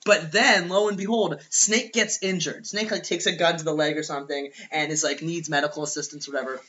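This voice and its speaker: Young male podcast co-host, bright and high-pitched, rambling comic storyteller on a dull lo-fi recording. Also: fairly quick, slight background noise. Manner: rambling, animated, acts out characters in quoted voices. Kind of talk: casual comedic movie pitch.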